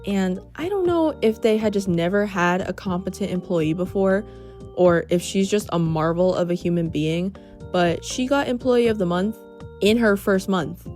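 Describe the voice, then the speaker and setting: A woman's voice: medium pitch, normal speed, darkish tone. A young woman narrating a storytime vlog in a wry, sarcastic way. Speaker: vlogger. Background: faint background music.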